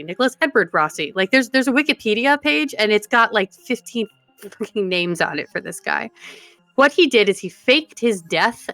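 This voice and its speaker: Bright-voiced woman telling a story. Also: medium pitch, dry recording. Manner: animated storytelling with frequent laughs and fillers. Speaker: podcast co-host. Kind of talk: casual podcast chat.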